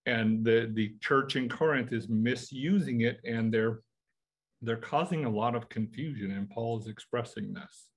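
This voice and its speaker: A man's voice: medium pitch, unhurried, breathy edge. An American man teaching a Bible study in a conversational way, asking his listeners rhetorical questions. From United States.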